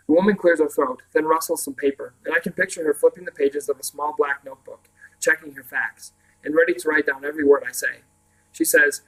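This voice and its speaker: A man reading a novel aloud in the first person, telling the story in a calm, even way. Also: a little high, a little fast, low-quality recording. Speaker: audiobook reader. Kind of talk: first-person audiobook narration.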